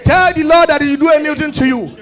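A Nigerian-accented male pastor with an unusually high voice, preaching in impassioned bursts that often rise to a shout. He repeats his calls to prayer again and again. A congregation murmurs faintly in the background. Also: fairly even intonation, fast, faint music behind, some chatter behind. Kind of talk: fervent prayer-leading sermon. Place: church service.

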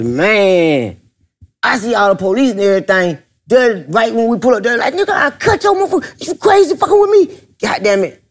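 Animated man telling a comedy story. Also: high-pitched, vocal fry. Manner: animated, acts out voices, laughs often. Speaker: guest comedian. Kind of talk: casual storytelling.

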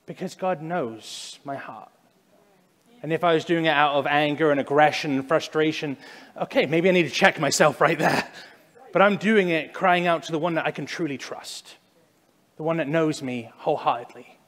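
A male pastor gives a sermon in a church, his voice sitting a little higher than most men's. He speaks in a relaxed, conversational way, acting out loud cries and then dropping to quiet, slow stresses. A long reverb trails his words through the room. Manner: conversational preaching, shifts from loud acted prayers to hushed, slow emphasis. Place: church sanctuary.

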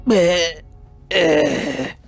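A man with a voice on the high side, drawn-out words and vocal fry hosts a channel, commentating his own shooter gameplay in a crude, joking, self-mocking way. Faint music plays behind, along with game gunfire, explosions, artillery and vehicles.

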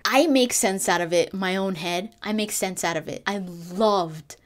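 Female gaming vlogger, mid-pitched, excitable and gushing, casual fan chatter full of restarts. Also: normal speed, few pauses.

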